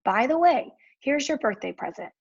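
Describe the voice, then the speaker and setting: A woman voicing an eager, brave young boy in a storybook reading, earnest and often hushed. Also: high voice, lively intonation, moderate pace, gravelly, slightly rough, highs cut off, pitched above the performer's own voice, heavily acted.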